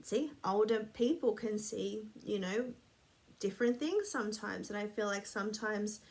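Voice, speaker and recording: A woman's voice: mid-range voice, moderate pace. A woman rambling casually to camera, blunt and sweary, a bit sniffly. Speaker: vlogger.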